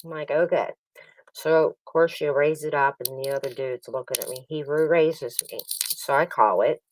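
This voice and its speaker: A woman's voice: low-pitched, normal speed, recorded from a distance, slight background noise, rough recording. A woman telling a casual story on a poker stream, acting out what other people said. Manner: animated, acts out other people's lines.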